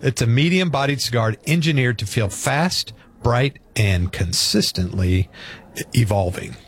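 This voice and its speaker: A man in a relaxed chat reads tasting notes aloud. He is playful and easygoing, at a middle pitch. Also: unhurried, breathy edge. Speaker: podcast co-host.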